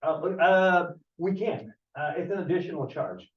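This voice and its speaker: A man presents to an audience in a casual, storytelling way, acting out the people in his stories. His voice sits a bit high. He sounds far from the microphone in a roomy space with dull, muffled audio. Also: moderate pace. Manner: storytelling, animated, acts out callers. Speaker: home inspector presenting.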